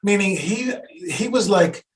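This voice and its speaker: An animated middle-aged man speaking to a church congregation. He tells a story, acts out the other people's lines in it, and falls back on loose fillers as he goes. His voice sits a little away from the mic, picked up in the chapel. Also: high-pitched, measured pace, far from the mic, low-quality recording. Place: church hall.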